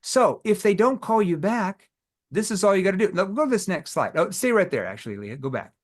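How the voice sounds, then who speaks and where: A middle-aged man leading a live sales training, acting out sales calls with lively energy. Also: high-pitched, fairly quick. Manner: energetic, role-plays scripted sales calls.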